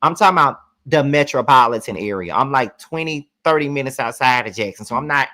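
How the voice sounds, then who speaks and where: A woman's voice: extremely low pitch, lively intonation, brisk, bright, forceful tone. A woman from Mississippi with a Mississippi accent, hosting casual reaction commentary in a chatty, rambling way. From Canton, Mississippi. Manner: rambling, chatty, circles back on her points. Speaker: commentary host.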